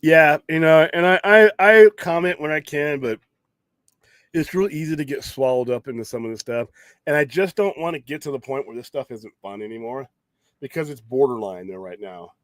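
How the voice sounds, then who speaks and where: On his late-night geek talk show, this male podcast host rambles in a casual, opinionated way, frequently starting over and letting a few swear words slip. His voice is on the higher side and moderately paced, with no echo.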